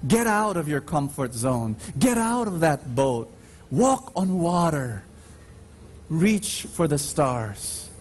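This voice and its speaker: A man's voice: a little high, big pitch swings, a little mellow, a little hiss or hum. A man preaching a sermon in a large church, emphatic and calling out to the congregation, drawing out his stories with dramatic rises. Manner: emphatic, call-and-response with the congregation; slow, drawn-out storytelling with dramatic rises. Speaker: preacher at Mass.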